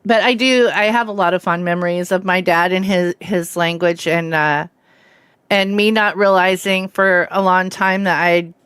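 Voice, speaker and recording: A woman's voice: lowish voice, fairly even intonation, normal speed, fairly bright tone, clean tone, no echo. A woman in her fifties with a slight Southern American accent who is hard of hearing, chatting casually and rambling as she hosts a game livestream and greets viewers by name. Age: 50s. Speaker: livestream host. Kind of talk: casual chat with viewers while streaming a game.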